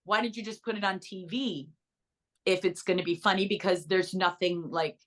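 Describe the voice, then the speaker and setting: A middle-aged woman, an actress and author, telling stories in a bubbly interview chat with quick asides. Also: fairly low pitch, fairly even intonation, fairly bright tone.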